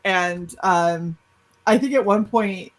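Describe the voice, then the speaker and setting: A woman on a panel show, telling a personal story in casual chat, animated and cursing freely. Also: mid-range voice, takes it slowly, rough recording. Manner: animated, swearing, laughing storyteller. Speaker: podcast panelist.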